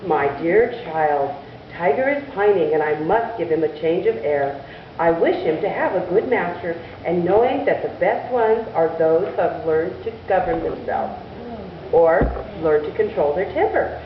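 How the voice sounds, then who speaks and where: A woman reading a letter as a kindly old male major, slow and measured, in a distant, echoey church recording. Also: lowish voice, expressive, muffled recording, slight background noise. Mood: gentle.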